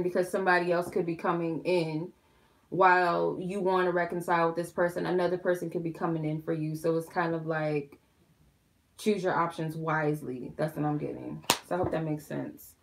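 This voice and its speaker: Chatty woman with a gravelly voice. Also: fairly low pitch. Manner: chatty, loose and frank, addressing viewers directly. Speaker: tarot reader. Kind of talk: casual tarot reading to viewers.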